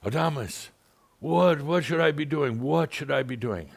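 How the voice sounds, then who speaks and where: A man's voice: fairly high pitch, unhurried, gravelly, voice pushed up. A man voicing an exasperated, frantic woman caller who pleads and whines. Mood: pleading.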